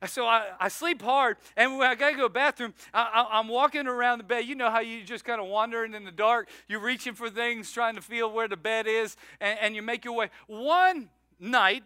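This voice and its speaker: Male pastor, high bright voice, dry close sound, animated storyteller sermon. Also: normal speed, smooth, no room sound. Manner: storytelling, animated, self-mocking, with laughs. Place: church sanctuary.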